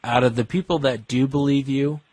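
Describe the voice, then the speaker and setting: A man's voice: mid-range voice, steady tone, a little fast, a little mellow, slightly rough, dry recording. A man hosting a call-in show, talking to a caller in an earnest, reassuring way and repeating phrases for stress. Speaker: host. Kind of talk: talk radio chat.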